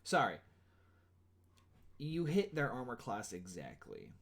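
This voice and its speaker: A man's voice: medium pitch, huge pitch swings, takes it slowly, creaky. A man running a tabletop game as game master, casual and apologetic, with many fillers.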